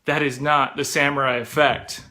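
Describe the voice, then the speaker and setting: A young man telling a comic personal story in a chatty, animated way, full of "like" and "bro". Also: mid-range voice, moderate pace.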